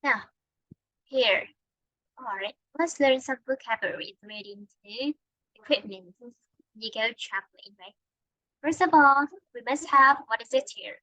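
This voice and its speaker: A woman's voice: sits high, a little slow, long pauses, pushed and bright, dry recording, rough recording. A woman with a Vietnamese accent teaching an online English lesson, patiently checking that her student follows. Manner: patient, checks understanding often. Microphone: computer mic on video call.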